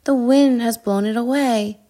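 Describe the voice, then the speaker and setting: A woman voicing a small, kind male hedgehog in a storybook reading, earnest and bright. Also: a little high, fairly even intonation, a little slow.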